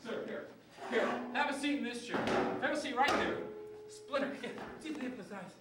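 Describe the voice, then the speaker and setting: A man's voice: very high voice, moderate pace, over loud music. A man working as a stage hypnotist, giving commanding, repetitive suggestions on a TV studio stage. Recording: roomy stage sound from a distant mic, with background noise.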